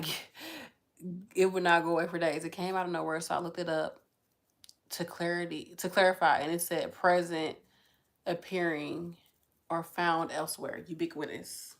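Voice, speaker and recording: Chatty, effusive woman reading tarot. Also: on the low side. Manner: chatty, effusive, slangy, addresses viewers as y'all. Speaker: tarot card reader. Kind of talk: casual pick-a-card reading.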